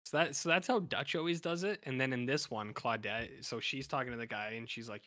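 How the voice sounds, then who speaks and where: Recapping an episode on a podcast, a male co-host rambles casually, his storytelling full of fillers and restarts. His mid-range voice is bright and forceful, fairly quick, with hardly any pauses. The recording is dry and of studio quality.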